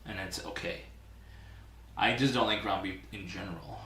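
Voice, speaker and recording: A man's voice: low voice, moderate pace, sharp tone. A man hosting a casual cooking livestream, chatting and laughing with viewers while he cooks. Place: home kitchen. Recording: echoey kitchen, mic far off. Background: food frying and sizzling.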